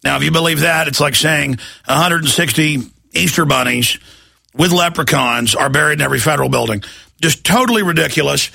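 A man's voice: on the high side, a little fast, creaky, sharp tone, dry recording. A man with a North Texas accent hosting a radio talk show, delivering an emphatic, scornful monologue with repeated words.

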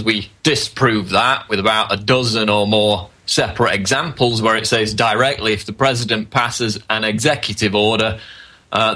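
A man, a guest writer, explaining a document in a steady, matter-of-fact way. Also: on the low side. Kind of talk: explanatory commentary.

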